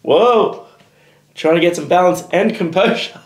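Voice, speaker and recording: A man's voice: high voice, a little slow. A young man with an Australian accent, co-hosting a casual reaction show with crude, jokey humor. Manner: jokey, crude, laughs easily. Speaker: reaction channel co-host. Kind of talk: casual banter. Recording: echoey room with faint noise.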